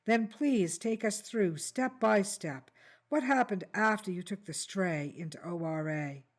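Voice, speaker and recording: A woman reading the lines of a calm, methodical male police detective with polite, measured questions. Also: medium pitch. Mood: patient.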